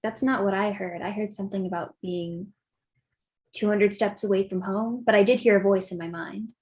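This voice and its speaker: A woman's voice: mid-range voice, fairly even intonation, normal speed, a little mellow, breathy edge. Brief: earnest woman player, plain mid voice. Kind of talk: tabletop game play.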